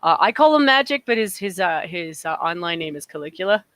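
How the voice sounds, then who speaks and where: A woman's voice: lowish voice, lively intonation, a little fast, a bit bright, clean tone. A woman chatting casually in an online group chat, chatty and stumbling over her words.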